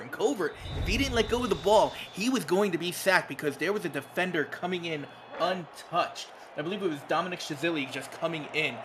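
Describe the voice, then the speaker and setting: A man's voice: on the high side, noisy background. A man with a New York accent breaking down plays and bantering bluntly on a football stream. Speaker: analyst. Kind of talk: casual game analysis.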